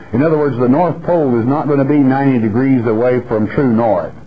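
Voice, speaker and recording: A male Bible teacher speaks to his broadcast audience in a blunt, folksy, emphatic way. His voice sits at an ordinary middle pitch. The recording is dull and lo-fi, like an old broadcast. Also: fairly quick, hardly any pauses.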